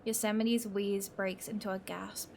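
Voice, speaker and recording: A woman's voice: mid-range voice, level tone, a little slow, gravelly, darkish tone, slight background noise. A woman narrating a story in the first person, in a tense, emotional way.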